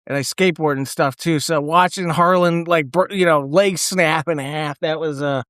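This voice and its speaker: Excitable podcast co-host, middle pitch, animated retelling, dry close mic. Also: normal speed, no echo. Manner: excitable, retelling scenes with laughter and swearing. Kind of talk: casual film discussion.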